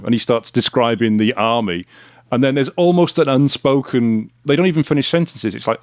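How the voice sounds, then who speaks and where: A man's voice: mid-range voice, fairly quick, a little mellow, dry recording, studio quality. A man hosting a podcast, chatting casually and telling stories, often murmuring agreement. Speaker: podcast host. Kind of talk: casual conversational interview.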